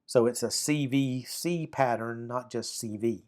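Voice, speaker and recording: A man teaching a recorded grammar lesson, sounding out syllables slowly and often checking "right? okay?". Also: medium pitch, darkish tone. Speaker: Bible Hebrew teacher.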